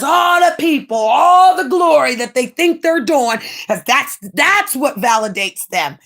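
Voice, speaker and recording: A woman streamer in a brash, profane rant, mocking rivals and swinging between loud jabs and low mutters. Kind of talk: ranting livestream monologue.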